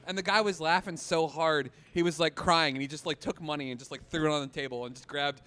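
Podcast host guy, kinda high voice, laughy storyteller vibe. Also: fast, hardly any pauses, smooth. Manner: animated storyteller, laughs while talking. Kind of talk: casual chat, storytelling.

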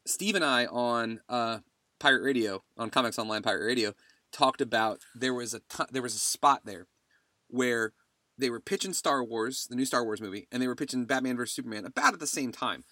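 A man's voice: medium pitch, brisk, sharp tone, no echo, studio quality. A man hosting a podcast in casual chat, telling stories animatedly and laughing along the way. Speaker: podcast host.

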